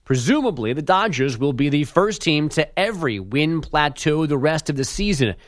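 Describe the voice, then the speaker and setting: A man's voice: a little high, very animated, normal speed, dry recording. A man hosting sports radio, reading a sports news update with dry, teasing remarks.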